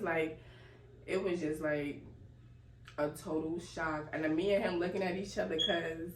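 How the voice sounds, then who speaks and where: Lively woman telling a story, echoey room. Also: deep voice, normal speed. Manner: animated, laughing storyteller. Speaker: vlogger. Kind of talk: casual storytelling. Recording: echoey room, distant mic, faint noise.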